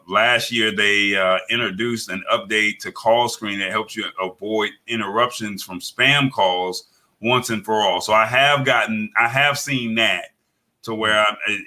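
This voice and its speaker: Male tech commentator, very bright tone, casual live chat, halting and full of fillers. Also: lowish voice. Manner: halting, many fillers and restarts.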